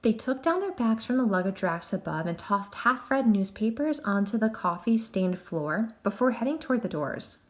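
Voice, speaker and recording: Animated woman reading a storybook aloud. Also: medium pitch, moderate pace, hardly any pauses. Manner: expressive, animated. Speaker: narrator.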